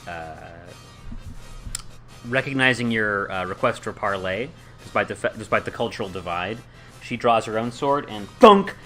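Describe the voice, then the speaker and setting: A man narrates as game master of a tabletop game, in loose speech with many fillers and sound effects. His voice is fairly low, with a bright, edgy tone.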